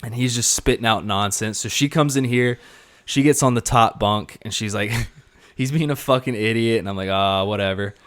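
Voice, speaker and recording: A young man co-hosting a podcast, telling a rowdy party story in casual chat, animated and swearing, laughing as he goes. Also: fairly low pitch, moderate pace. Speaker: podcast co-host.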